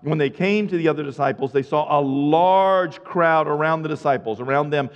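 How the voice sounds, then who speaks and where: A man preaching a sermon, reading scripture and retelling it in casual modern speech, swinging between loud and hushed. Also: fairly high pitch, moderate pace. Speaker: pastor. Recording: reverberant hall, muffled sound.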